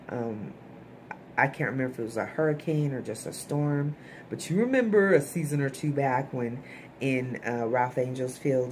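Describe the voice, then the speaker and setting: A woman's voice: a bass voice, darkish tone, slight background noise. A woman giving a chatty, opinionated recap of a TV episode, blunt and swearing casually. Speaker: TV episode reviewer.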